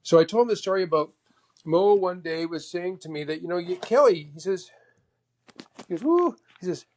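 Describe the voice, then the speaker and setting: A man from Canada, a former tour golfer, telling stories as a guest in a lively, casual way, acting out quotes with sudden exclamations. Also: high voice, brisk. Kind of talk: casual storytelling.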